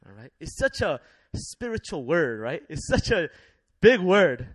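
A young man preaching a sermon in a lively, laughing way, leading the congregation in call-and-response. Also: fairly high pitch, unhurried, breathy edge, no room sound.

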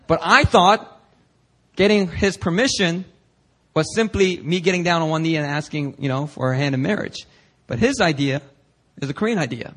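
A young adult man preaching, telling a personal story with lively energy and acting out the people he quotes. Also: fairly high pitch, normal speed. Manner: animated storyteller, acts out quoted voices. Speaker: pastor.

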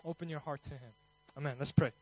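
A man's voice: a little high, quick pace, husky, no room sound, low-quality recording. A man preaching a Christmas sermon in a conversational way, then leading a fervent prayer. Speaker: pastor.

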